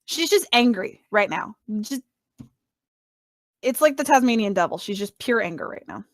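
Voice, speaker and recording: A woman's voice: on the high side, lively intonation, moderate pace, no room sound. A woman playing a tabletop game, talking bluntly and casually, swearing offhand and laughing. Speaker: player.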